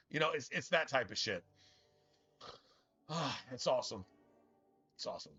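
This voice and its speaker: A man's voice: medium pitch, lively intonation, normal speed, pauses often, sharp tone, slightly rough. A young man streaming a video game, chatting casually in a rambling, profane way and stumbling over his restarts. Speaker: gaming streamer. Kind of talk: casual chat over gameplay. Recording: dull lo-fi stream audio with faint game music.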